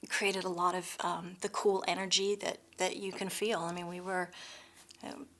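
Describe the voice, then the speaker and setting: A woman's voice: fairly low pitch, level tone, moderate pace, a bit bright. A woman voice actress, explaining the recording sessions enthusiastically in a retrospective interview.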